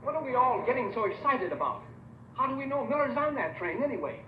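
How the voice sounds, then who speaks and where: A man's voice: very high-pitched, very animated, fast talker, sharp tone, exaggerated voice. An actor playing an argumentative townsman who complains at a town meeting. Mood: grumbling. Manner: grumbling, argumentative. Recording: roomy, distant old film sound with hiss.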